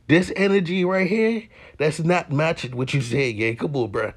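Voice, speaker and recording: Male reaction host, jokey and slangy, breaks into laughter often, voice sits a bit high. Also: normal speed. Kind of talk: casual reaction commentary.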